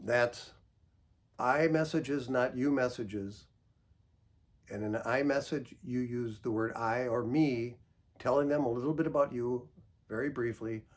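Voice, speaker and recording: A man counselor calmly giving advice, patient and gentle, explaining through examples. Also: medium pitch, measured pace. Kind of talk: calm instructional talk.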